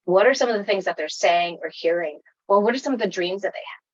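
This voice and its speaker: A woman's voice: medium pitch, fast, dull audio, very noisy. A woman with a Wisconsin accent, chatting as a guest on a casual interview and talking about her tutoring work in an upbeat, talkative way. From United States. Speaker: guest, online tutoring coach.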